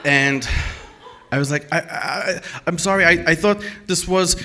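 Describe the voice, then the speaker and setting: A man telling a true story at a live storytelling event, animated and emphatic, acting out the dialogue as he goes. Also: fairly high pitch, normal speed.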